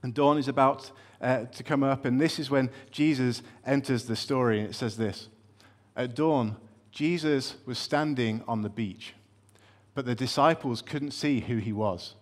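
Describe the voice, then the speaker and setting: A man delivers a sermon in a relaxed, conversational tone. His voice sits at a middling pitch. He tells the story with dry humor, stumbling and restarting now and then. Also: unhurried. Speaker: preacher.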